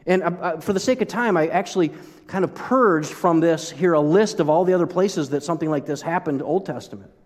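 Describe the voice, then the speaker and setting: A man preaching a sermon as pastor, conversational and animated, often breaking off and restarting his sentences. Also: on the high side, a little fast, big-room sound. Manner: conversational, animated, self-interrupting.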